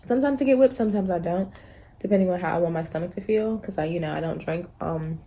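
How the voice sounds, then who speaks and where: A young woman vlogging casually to her phone camera, rambling through stories in a chatty, animated way. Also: fairly low pitch, quick pace, breathy edge. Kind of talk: casual vlog chat.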